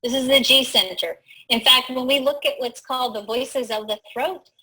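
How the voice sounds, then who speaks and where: A woman hosting a live talk, teaching in an animated way, laughing easily and often asking "right?". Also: high-pitched, normal speed, slightly rough, rough recording. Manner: laughs easily mid-sentence. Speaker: host.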